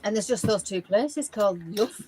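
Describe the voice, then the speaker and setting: A woman's voice: mid-range voice, moderate pace, a little hiss or hum, low-quality recording. A woman, chatting casually and laughing as a podcast co-host. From England. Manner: lively, laughing, explains local names. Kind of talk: casual chat.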